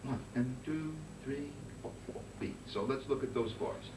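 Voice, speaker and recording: Man coaching conductors, singing da-dee. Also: medium pitch. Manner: sings phrases in nonsense syllables to demonstrate; brisk, coaching commands. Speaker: conducting teacher. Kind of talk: master class instruction. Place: rehearsal room with band. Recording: roomy distant recording with noise.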